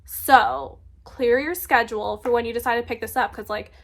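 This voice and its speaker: A young woman chatting casually and excitedly about books she loves, with lots of filler words. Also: on the high side, normal speed, creaky. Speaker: book reviewer. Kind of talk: casual book recommendation vlog.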